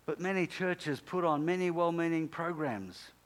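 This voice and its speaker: A man's voice: a little high, moderate pace. A male pastor preaching a sermon in an emphatic, repetitive way, punctuated by sudden exclamations.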